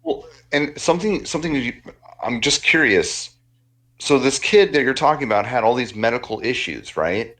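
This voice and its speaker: A man's voice: mid-range voice, animated, moderate pace, a bit bright. A man hosting a podcast in a casual interview chat, asking curious, probing questions. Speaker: podcast host.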